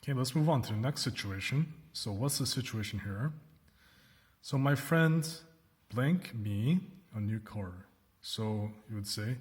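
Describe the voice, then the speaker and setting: A man's voice: medium pitch, animated. Man teaching in a reverberant room. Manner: slows down to model example sentences, checks with "right?" and "okay?". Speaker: English teacher. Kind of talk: recorded classroom lesson.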